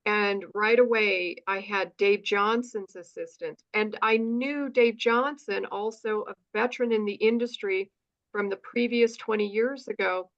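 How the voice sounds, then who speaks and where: A woman's voice: mid-range voice, measured pace, dull audio. A woman from the United States, a guest in an interview, telling her story with lots of acted-out dialogue and frequent asides of "right?". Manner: animated, acts out dialogue, says "right?" often.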